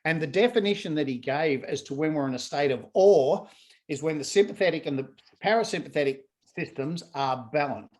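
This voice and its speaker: A laughter yoga trainer joins a casual conversation as a guest, his voice on the high side and a little fast. He's animated, acting out what people say as he talks.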